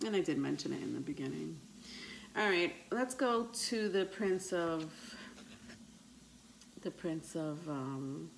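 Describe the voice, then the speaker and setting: Low-voiced, slow-talking woman tarot reader. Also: animated, creaky, a little hiss or hum, low-quality recording. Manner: unhurried, hesitant, frequent ums, calls listeners "my love". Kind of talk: tarot reading to viewers.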